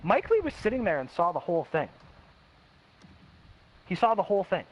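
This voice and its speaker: A personal story comes from a young man with a high voice that jumps around in pitch; he's blunt and casual, curses constantly, and acts out what people said. Expect quick quoted voices and restarts. It's recorded in dull lo-fi with faint hiss.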